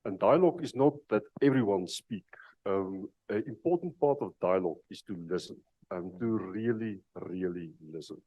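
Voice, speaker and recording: A man facilitating a dialogue event, speaking in a measured way with frequent pauses and fillers. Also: fairly low pitch, dry recording, lo-fi sound. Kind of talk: opening remarks as facilitator.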